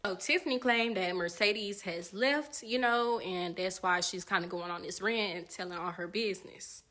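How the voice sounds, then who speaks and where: A woman hosting a commentary channel who recaps online drama in a chatty, casual voice. Her tone is bright and sits at a middle pitch, and she talks straight to her viewers. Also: moderate pace. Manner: chatty, addresses viewers as y'all.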